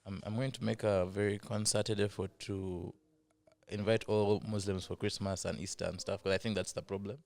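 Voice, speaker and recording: A man co-hosting a casual podcast. He speaks in a fairly low voice, measured, and drops dry jokes. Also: level tone, vocal fry, a little mellow, no room sound. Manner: measured, dry wry humour. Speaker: podcast co-host. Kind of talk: casual chat.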